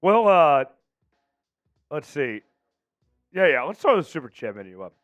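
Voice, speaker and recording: A man hosting a live sports news show, talking fast and animated about players, then coughing, losing his voice and apologizing to viewers. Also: a little high, dry recording, lo-fi sound, soft background music.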